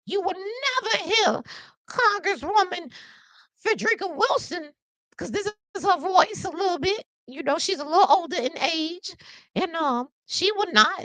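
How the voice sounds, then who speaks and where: A woman putting on the voice of an elderly woman lawmaker, high and squeaky like a cartoon grandmother, speaking in slow, drawn-out, stately phrases. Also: bright, forceful tone, no room sound, exaggerated voice, rough recording.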